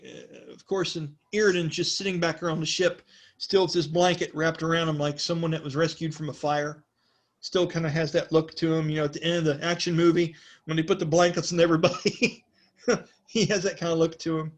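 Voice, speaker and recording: A man's voice: on the high side, little pitch movement, fairly quick. A man narrating a tabletop role-playing game as game master, rambling and laughing often as he corrects himself.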